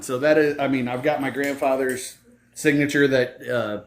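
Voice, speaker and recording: A man's voice: mid-range voice, fairly even intonation, normal speed. Man talking in an echoey room. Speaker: podcast host. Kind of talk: casual conversation. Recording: echoey room with faint hiss.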